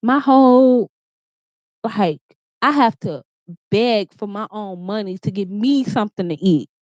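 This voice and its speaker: A woman's voice: mid-range voice, a little slow, a little mellow, dry recording. A woman vlogger telling a heated, profane storytime rant from her room, repeating herself as she gets riled up. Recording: dull, slightly muffled sound.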